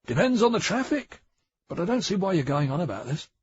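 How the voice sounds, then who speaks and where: A man voicing a slow-witted young male police officer who answers in a high, protesting, bewildered way. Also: big pitch swings, breathy edge, no room sound, heavily acted. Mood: defensive. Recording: dry, dull audiobook recording.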